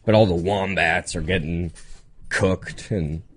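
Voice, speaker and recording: A young man co-hosting a casual podcast, rambling through topics with quick asides, laughs and a slightly nasal voice. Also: sits low, steady tone. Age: young adult. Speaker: podcast co-host. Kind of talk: casual chat.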